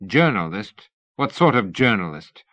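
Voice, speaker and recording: A man's voice: on the low side, big pitch swings, unhurried, fairly bright tone. A man reading a swarthy, belligerent male agent who talks bluntly and coarsely.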